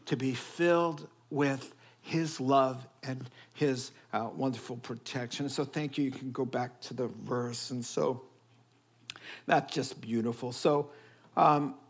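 A man preaching a sermon, telling stories and acting out quoted voices in an animated way. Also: a little high. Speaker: pastor.

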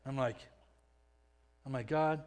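Man telling his story, fairly high voice. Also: a little fast. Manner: conversational, repeats and restarts words, swells louder when excited. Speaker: speaker giving a testimony. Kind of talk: personal testimony storytelling.

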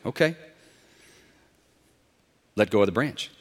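A pastor voicing God as a calm, dry-humored man, speaking low, quiet and slow. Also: in a large hall, exaggerated voice. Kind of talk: acted joke in a sermon.

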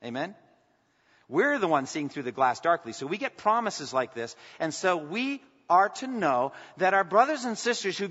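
The preacher's high, fairly bright voice swings widely in pitch at normal speed. Reading scripture, his impassioned sermon reaches emphatic peaks, captured in dull sound with long hall reverberation.

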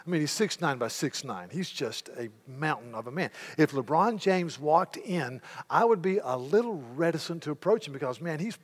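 A man's voice: fairly high pitch, normal speed, few pauses. A middle-aged man preaching a sermon in a church sanctuary, telling the story vividly and slipping into the voices of the people in it. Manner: animated storytelling, retelling scenes in character voices. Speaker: pastor. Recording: long hall reverb.

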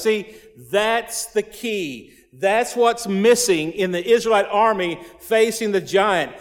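A man preaching a sermon, reading verses and then retelling them in folksy everyday slang. His voice sits high, and a long hall reverb trails each phrase. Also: slow pace, few pauses. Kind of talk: sermon reading and paraphrasing scripture.

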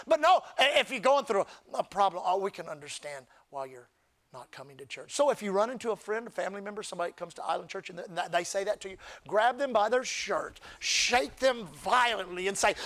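Pastor guy preaching, real high voice, gets loud and shouty, church service. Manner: preaching, often rising to shouts with crowd call-and-response. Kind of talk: sermon.

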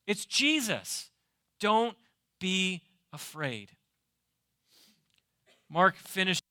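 A man's voice: a little high, sharp tone, smooth, no echo, clean studio sound. A man preaching a sermon as pastor, emphatic, asking rhetorical questions and repeating key phrases. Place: church.

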